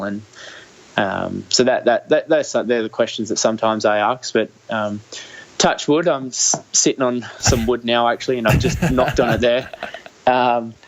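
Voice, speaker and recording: A man's voice: on the low side, muffled recording. A young Australian man talking casually in an interview, hesitant, with many restarts and fillers. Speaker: guest, Olympic triathlete.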